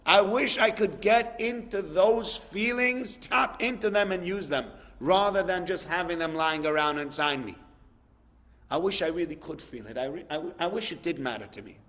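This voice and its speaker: Male rabbi, casual sermon, reenacts dialogues, slightly high voice, echoing hall. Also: brisk, a bit bright. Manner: conversational, acts out dialogues, repeats words for emphasis.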